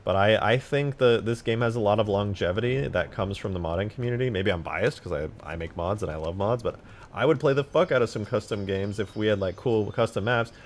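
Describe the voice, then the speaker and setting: A man casually chatting on a live stream about modding a game, excitable and profane, with sudden loud outbursts. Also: on the low side, fairly quick. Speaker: game modder streaming his work.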